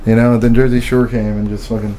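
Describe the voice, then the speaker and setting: A man's voice: mid-range voice, little pitch movement, a little fast, mellow, slight background noise. A man from Philadelphia hosting a casual podcast, joking, swearing and laughing a lot. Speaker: podcast host. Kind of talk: casual chat.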